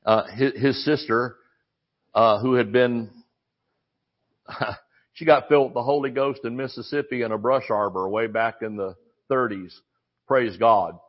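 A man's voice: mid-range voice, a little slow, long pauses, muffled recording. Folksy older male preacher, rambling. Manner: folksy, rambling with many restarts and asides. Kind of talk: sermon.

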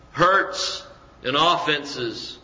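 A pastor with a rather high, bright, forceful voice delivers a conversational sermon in church, packed with rhetorical questions and mock voices. The recording sounds roomy and dull.

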